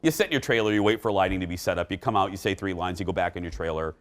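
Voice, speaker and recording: A man hosting an entertainment talk show, chatting casually with an animated, joking and emphatic manner. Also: sits low, racing.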